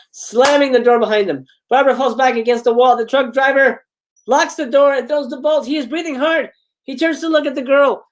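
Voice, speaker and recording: Man reading a script aloud live. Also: sits high. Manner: reads stage directions then breaks off into casual commentary to viewers. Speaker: livestream host. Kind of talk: live script read-aloud with chatty asides.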